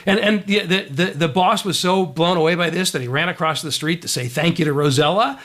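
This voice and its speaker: A man telling a story in a leadership talk, animated and conversational, often checking in with the audience. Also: a little high, brisk. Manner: animated storyteller, frequent "right?" asides. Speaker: leadership speaker.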